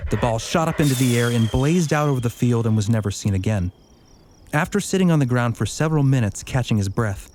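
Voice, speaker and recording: A man's voice: medium pitch, background noise. A man hosting a podcast, reading a story aloud and chatting casually, laughing easily. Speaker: podcast host.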